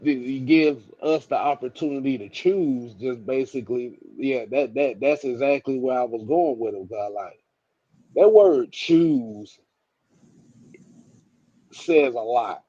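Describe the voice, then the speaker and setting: A man of middle pitch co-hosting a live sports show, reading chat messages and chuckling between them. His voice sits in a dry, close space. The sound is slightly muffled, a little lo-fi. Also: moderate pace, mellow, dry recording. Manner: laughs often, repeats words while thinking. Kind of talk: casual live-stream sports talk.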